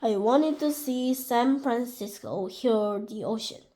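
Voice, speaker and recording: A woman voicing a gentle, dreamy hermit crab in a storybook reading, with a soft, low, musing delivery. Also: slow.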